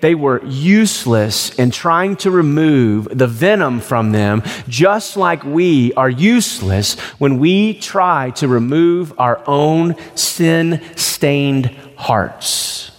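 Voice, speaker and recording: A man's voice: on the high side, lively intonation, slow pace, hardly any pauses, in a large hall. A man preaching a sermon as pastor, in a conversational storytelling way.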